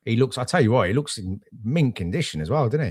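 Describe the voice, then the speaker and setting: A man co-hosting a casual football podcast, excitable and matey, calling people "mate". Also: mid-range voice, quick pace, slightly rough, dry recording, clean studio sound. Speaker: podcast co-host.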